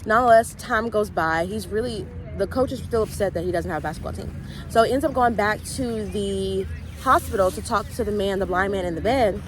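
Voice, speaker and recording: A woman's voice: medium pitch, a little fast. Young woman host, easygoing movie recap, voices the dialogue, light traffic hum. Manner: chatty storyteller acting out quoted dialogue. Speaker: host of a faith vlog. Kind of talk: casual retelling of a movie.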